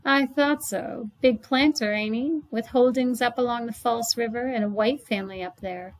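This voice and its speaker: A woman voicing a sharp-tongued, scornful landlady in a read-aloud storybook, speaking loud with a sneering drawl. She reads the part with a fairly high voice. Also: normal speed, a little hiss or hum, lightly acted, rough recording.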